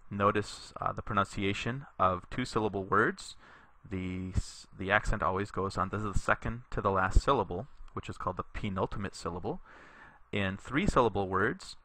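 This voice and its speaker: A man teaching a Latin lesson in a recorded tutorial, reading sentences slowly for learners to repeat and explaining patiently with a few fillers. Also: fairly low pitch, pushed and bright. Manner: slow, deliberate reading aloud for learners to repeat.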